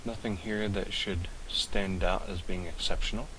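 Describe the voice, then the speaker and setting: Male language tutor, very low voice, unhurried and precise, faint hiss on the recording. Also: steady tone. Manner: slow, deliberate, sounding out words syllable by syllable. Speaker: Greek tutor. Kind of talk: recorded pronunciation lesson.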